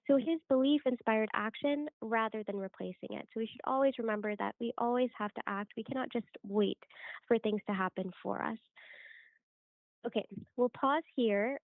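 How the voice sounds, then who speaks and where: A woman with a fairly high voice leads a group discussion and calls on people by name in an encouraging way. The sound is dry and phone-like, as if heard over a call. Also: moderate pace, dry recording. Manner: encouraging, asks questions by name. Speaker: leader of a weekly group study.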